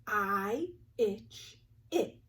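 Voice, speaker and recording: A woman's voice: medium pitch, lively intonation, a bit bright. A young woman teacher giving a phonics lesson to young children, patiently sounding out each word and having them repeat it. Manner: clear, patient, sounds words out slowly. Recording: voice a little distant from the mic.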